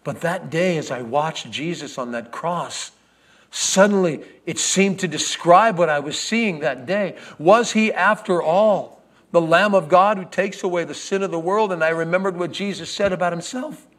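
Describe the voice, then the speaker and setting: An actor playing an earnest, grieving first-century lamb merchant in a dramatic first-person monologue, swinging from loud proclamation to hushed whispers. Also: male voice, fairly high pitch, normal speed, natural voice. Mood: urgent. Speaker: actor in a Bible character monologue.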